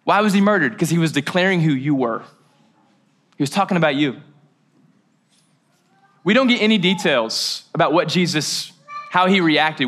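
A man's voice: fairly high pitch, fairly bright tone. A man from Kentucky preaching a casual, joking sermon in church, with slangy asides. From Mayfield, Kentucky, USA. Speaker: pastor. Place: church service. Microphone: handheld or headset mic.

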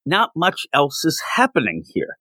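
A man's voice: a little high, unhurried, dry recording. A man co-hosting a podcast, chatting casually about comic books and acting out the characters' lines as he goes. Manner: animated, acts out quoted characters. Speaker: podcast co-host. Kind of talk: casual comic book review chat.

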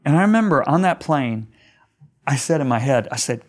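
A man's voice: animated, moderate pace. Earnest middle-aged male pastor. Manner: earnest, emphatic, voice climbs high when stirred. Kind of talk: storytelling in a conversation.

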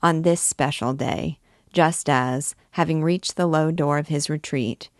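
A woman reading a classic novel aloud as host of a reading series, calm and deliberate. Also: low voice, no echo, clean studio sound. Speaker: audiobook host and reader. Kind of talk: measured literary narration.

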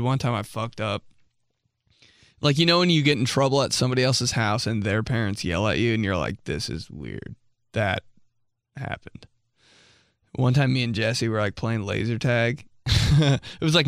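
With vocal fry and a fairly bright, clear, resonant mid-range voice, a young podcast host meanders through a casual story full of "like"s, laughter and free swearing. The clean studio recording has no echo.

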